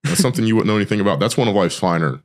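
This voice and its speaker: A man's voice: fairly low pitch, lively intonation, very fast. A man hosting a casual podcast chat, joking and blunt, telling stories with profanity. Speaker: podcast host.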